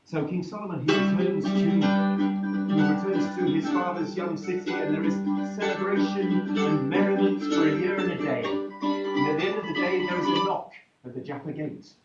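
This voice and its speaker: A man's voice: a little high, normal speed. A man telling a comic folk tale live to an audience, playful and chatty, breaking off to joke with the listeners. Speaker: storyteller. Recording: echoey room from far, dull sound with faint music.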